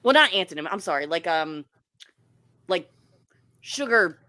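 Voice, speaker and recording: A woman hosting a casual livestream roast, teasing and animated with quick asides. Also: fairly low pitch, dry recording. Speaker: livestream host.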